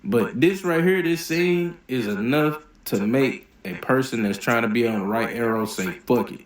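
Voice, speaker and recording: A man hosting a movie reaction video, giving blunt, profane, animated opinions in casual commentary. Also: mid-range voice, moderate pace, roomy sound.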